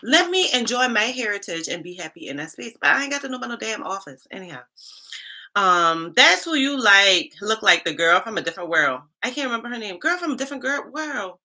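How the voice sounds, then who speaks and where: A woman's voice: a little high, brisk. A middle-aged woman from Charleston with a Southern accent, chatting casually and sassily with viewers on a livestream. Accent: Southern US Black vernacular, Charleston Geechee. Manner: animated, sassy, talks back to chat comments. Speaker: livestream host, HR coach.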